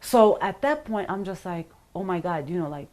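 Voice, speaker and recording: The middle-aged interview guest's voice is fairly low, expressive, slightly mellow, and moderately paced. Telling her personal story, she rambles, leans on "you know" and "like," and dramatizes what people told her.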